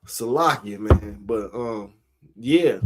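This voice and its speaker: A man, giving a casual sermon-style monologue, slow and conversational, laughing between his points. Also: lowish voice, noisy background. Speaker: street preacher.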